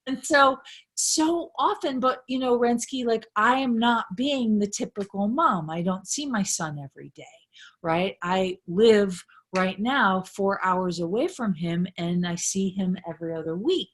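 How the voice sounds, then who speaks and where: Breathy, earnest woman life coach. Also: medium pitch, lively intonation, unhurried. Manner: earnest, emphatic, repetitive, with frequent "right?" tags. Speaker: life coach and motivational speaker. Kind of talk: casual live motivational talk.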